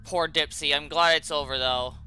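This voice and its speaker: A man's voice: on the high side, fairly even intonation, moderate pace, clean tone, faint music behind. Jumpy man playing a horror game. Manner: jittery, keeps saying he is scared, bursts into loud yelps. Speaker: gaming channel host. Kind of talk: horror game let's play commentary.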